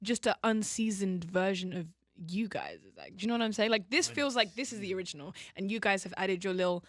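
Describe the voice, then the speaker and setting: A woman's voice: medium pitch, very animated, fast talker, no room sound, clean studio sound. A young woman in her twenties with an English accent, a musician answering interview questions in a candid, laid-back way. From England. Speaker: musician guest. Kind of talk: casual interview chat.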